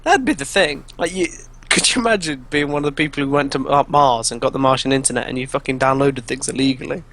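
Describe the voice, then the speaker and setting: A man's voice: mid-range voice, fast talker, hardly any pauses, fairly bright tone. A young man co-hosting a casual podcast among friends, rambling with frequent restarts and laughing mid-sentence. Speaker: podcast co-host.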